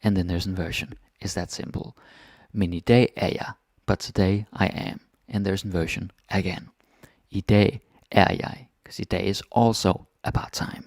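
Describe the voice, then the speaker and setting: Gravelly low-voiced male language teacher. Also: moderate pace, no echo, studio quality. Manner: relaxed, chatty, keeps asking "right?". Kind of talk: casual grammar lesson.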